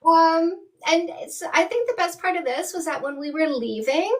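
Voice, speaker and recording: A middle-aged dating coach from Canada chatting bluntly and animatedly with viewers on a live stream. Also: female voice, high-pitched, expressive, a little fast, distant mic, noisy background. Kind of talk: casual live-stream chat.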